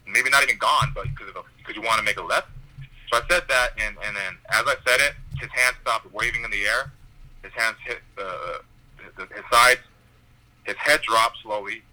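Bright-voiced young man telling stories. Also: fairly low pitch, moderate pace, poor audio. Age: young adult. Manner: animated storytelling, swearing, laughing often. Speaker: comedian guest. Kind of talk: casual podcast chat.

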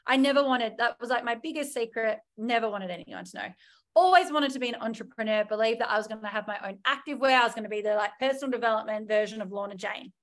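A woman in her thirties speaks as a podcast guest, recounting her life candidly. She is lively and expressive, slipping into quoted voices of her past self. Her voice sits slightly high. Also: fast talker. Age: 30s. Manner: animated, acts out her own past thoughts in quoted voices. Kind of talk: candid personal storytelling.

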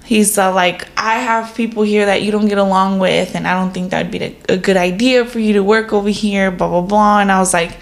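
Animated woman telling a story in an echoey room. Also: medium pitch, fairly quick, few pauses. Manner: animated storytelling, swears often, many "like" fillers. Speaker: podcast co-host. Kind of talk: casual chat, storytelling.

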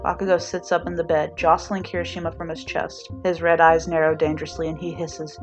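A woman narrating a fan fiction audiobook in an even storytelling read. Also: fairly low pitch, brisk, hardly any pauses, lo-fi sound, faint music behind. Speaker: podfic reader.

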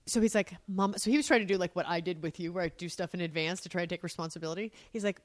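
A woman's voice: on the low side, very fast, no room sound. A woman chatting casually with her partner, telling stories candidly and animatedly, with some swearing. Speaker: mother and co-host. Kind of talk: casual couple chat.

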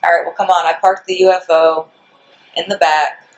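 Lady guest on a podcast outside, dry short answers, deadpan jokes. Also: lowish voice, normal speed, highs cut off. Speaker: interview guest. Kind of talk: casual interview chat. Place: outdoors in front of a store.

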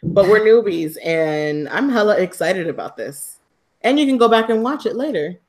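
A woman co-hosting a podcast live, chatting in an upbeat, excitable way and laughing easily. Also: medium pitch, normal speed. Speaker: podcast co-host. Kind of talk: casual live-stream chat.

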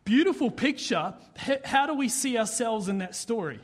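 A young man giving a casual sermon, chatty and halting, with many restarts and fillers. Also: very high-pitched, expressive. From Australia. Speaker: pastor.

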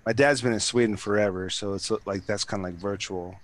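A man's voice: on the low side, fairly even intonation, a little fast, dry recording. A man in his thirties chatting casually as a podcast co-host, rambling with lots of fillers and swearing. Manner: rambling, profane, filler-heavy. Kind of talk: casual chat.

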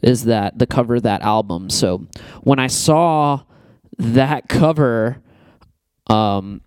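A man's voice: mid-range voice, slow pace, darkish tone, clean tone, no room sound, studio quality. A young man hosting a casual music podcast, rambling with lots of fillers and the odd swear word. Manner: rambling, profane, loose with fillers. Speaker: podcast host.

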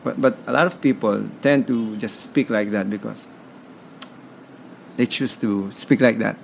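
A Filipino man, guesting on a podcast, speaks a little slowly in a low voice with vocal fry and a Filipino accent, against slight background noise. In this conversational interview he sounds emphatic and motivating and repeats words.

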